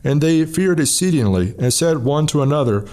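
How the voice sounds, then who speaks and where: A man hosting a programme, reading scripture aloud in a measured, solemn way in a studio. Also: on the high side, expressive, darkish tone. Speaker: host and Bible reader.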